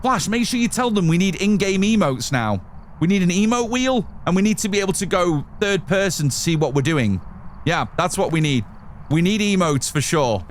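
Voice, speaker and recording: A man's voice: high voice, expressive, moderate pace, a little hiss or hum. Chatty man streaming a game. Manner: chatty, talks to chat and to himself while playing. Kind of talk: live gameplay commentary.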